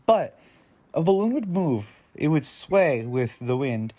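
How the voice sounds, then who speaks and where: A man's voice: a little high, big pitch swings, slow, mellow. A man reacting to video footage in casual commentary, thinking aloud with hesitant restarts and some amusement.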